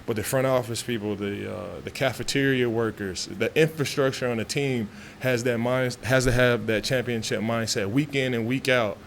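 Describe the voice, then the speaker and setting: A man's voice: mid-range voice, normal speed, vocal fry, few pauses, slight background noise. A man, answering reporters' questions in a loose, chatty way, full of fillers and restarts. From Texas. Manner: relaxed, talkative, frequent fillers and restarts. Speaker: football player at press conference. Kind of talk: casual press interview. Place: media room after practice.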